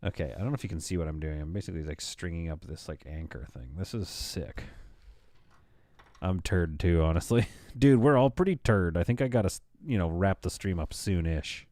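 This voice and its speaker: A man's voice: low-pitched, expressive, fairly quick, mellow, no echo, clean studio sound. A man in his thirties chatting casually on a live stream, tired from staying up all night, joking and rambling to his viewers. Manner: joking, rambling, talks to chat.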